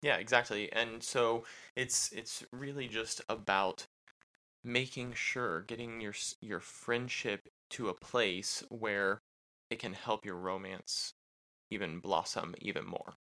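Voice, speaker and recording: Bright-toned man co-hosting a podcast. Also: fairly low pitch, steady tone, slow, poor audio. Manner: loose, filler-heavy explaining with many "you know"s. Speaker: podcast co-host. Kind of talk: casual conversational podcast.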